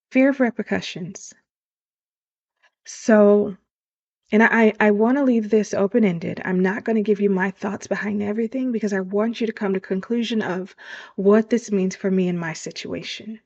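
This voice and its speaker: A woman's voice: medium pitch, gravelly, dark tone. A woman hosting a motivational podcast as a life coach, talking earnestly and straight to her listeners. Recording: dull lo-fi sound.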